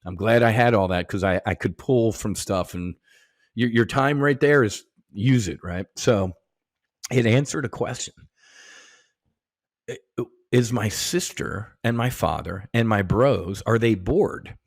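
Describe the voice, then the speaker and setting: A middle-aged American man, a podcast guest, telling stories in casual, profane, animated talk full of slang and restarts. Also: fairly low pitch, a little slow, no echo, clean studio sound. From United States. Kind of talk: casual conversation.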